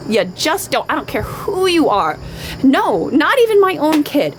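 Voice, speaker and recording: A woman's voice: high-pitched, very animated, measured pace, slight background noise, low-quality recording. A middle-aged woman ranting on a live stream, emphatic and repetitive, often swearing. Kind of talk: unscripted live-stream rant.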